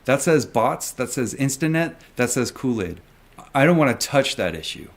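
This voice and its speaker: A man with a sing-song, medium-pitched voice and a moderate pace delivers ranting video commentary as a stock investor vlogger. Talking to viewers, he's emphatic, repetitive and often profane.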